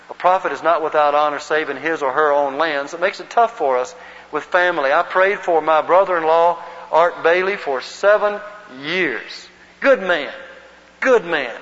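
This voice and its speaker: A man's voice: high voice, a bit bright. A man from the Southern United States teaching an evangelism class at church, telling a personal story earnestly and leading the group in reciting verses. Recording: muffled recording in a long-reverb hall.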